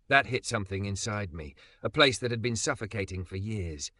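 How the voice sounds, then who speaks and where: A man narrating a first-person story with an expressive, emotional delivery. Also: on the low side, fairly quick, hardly any pauses, no echo.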